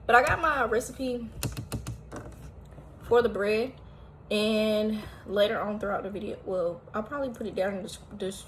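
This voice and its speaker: A woman chatting casually as she cooks at home, tired and a little out of breath, talking at length with sudden loud exclamations. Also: medium pitch, a little hiss or hum. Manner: talkative, animated, often exclaiming. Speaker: home cooking vlogger. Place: home kitchen, indoors.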